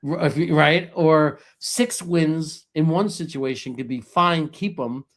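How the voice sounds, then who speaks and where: A man's voice: a little high, unhurried. A man hosting a casual sports podcast, talking in long rambling run-on thoughts full of "you know"s. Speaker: podcast host.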